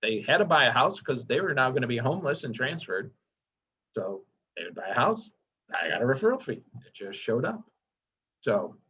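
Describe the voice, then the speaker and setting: A man's voice: medium pitch, a bit bright, breathy edge. A man giving a casual training lecture, enthusiastic and chatty, asking the class questions as he goes. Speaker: workshop instructor. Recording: dull lo-fi recording.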